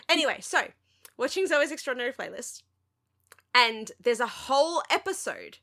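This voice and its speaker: A woman, co-hosting a podcast and chatting casually in an animated, sweary rant full of "like". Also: high-pitched, normal speed. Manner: animated, sweary ranting with lots of "like". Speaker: podcast co-host. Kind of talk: casual chat.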